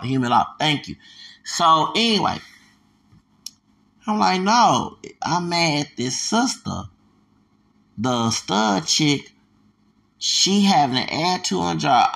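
A man with a gravelly, creaky voice delivers a solo podcast rant. He talks in a heated, rambling way, pressing hard on his points. His voice sits at an ordinary pitch for a man. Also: fairly bright tone.

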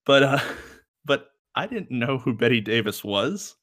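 A man's voice: medium pitch, big pitch swings, a little slow, fairly bright tone. A man co-hosting a casual music podcast, rambling and joking as he reviews songs. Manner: rambling, joking, laughs often. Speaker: podcast co-host.

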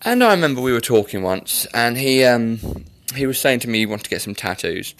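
A young man talks his way through a casual solo podcast, rambling and poking fun at himself. His voice sits at an ordinary middle pitch. The sound is close and dry. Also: sing-song, brisk, a bit bright, no echo. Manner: chatty and rambling, self-mocking. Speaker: podcast host.

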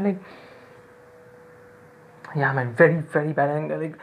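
A man's voice: a little high, fairly even intonation, measured pace, long pauses, rough recording. A young man with an Indian English accent, telling a casual story with many fillers, restarts and repeated words. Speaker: podcast host.

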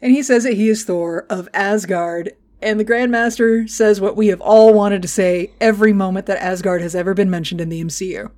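A woman's voice: mid-range voice, fairly even intonation, brisk, hardly any pauses, darkish tone. A woman co-hosting a podcast, recapping a movie in casual chat, joking and swearing freely. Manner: profane, joking, acts out characters in retelling. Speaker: podcast co-host.

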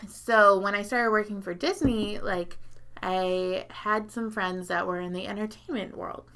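A woman with a bright, edgy voice and a gravelly fry at the ends of her phrases tells a long, meandering story in casual chat. She leans on fillers and swears freely. When she quotes people, she leaps up into high, loud voices. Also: a little slow. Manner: rambling, profane, heavy filler words.

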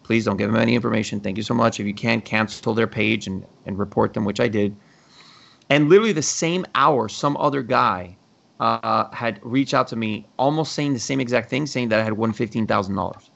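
A man's voice: fairly low pitch, fairly quick, vocal fry, a bit bright, dull audio. A man hosting a casual podcast, swearing freely and acting out the conversations he retells. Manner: swears freely, acts out quoted exchanges. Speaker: podcast host.

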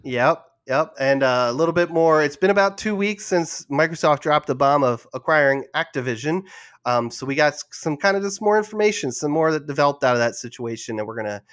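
A man's voice: a little high, animated, fairly quick, fairly bright tone. A young man hosting a casual gaming podcast, nervous and laughing often at himself. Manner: nervous, laughing, self-deprecating. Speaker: podcast host.

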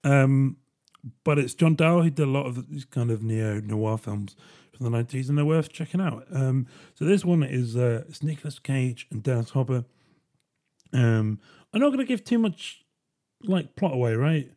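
A man's voice: mid-range voice, expressive, moderate pace, warm tone. A man hosting a solo podcast, talking in a casual, joking, rambling way and often checking in with "right?". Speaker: podcast host.

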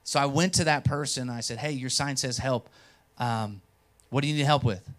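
A young man preaching a sermon as pastor, telling a personal story and acting out dialogue, swinging from quiet asides to loud bursts. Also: medium pitch, fairly even intonation, moderate pace. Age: young adult.

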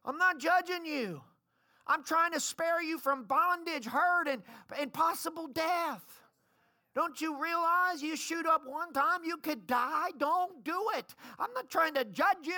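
A woman preaches to her congregation with urgent, pleading passion. Her voice sits high and rings sharp and bright, and it climbs into shouts. It is a fiery church sermon. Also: measured pace. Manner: impassioned and pleading, rising to shouts. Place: church service.

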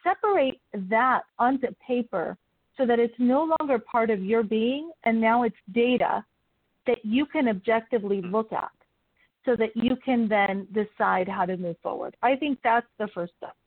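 A woman's voice: a little high, moderate pace, dry recording. A woman guest coach in an interview, giving advice with frequent laughs and acting out sample questions. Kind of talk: interview conversation. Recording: tinny phone-like call audio, dry.

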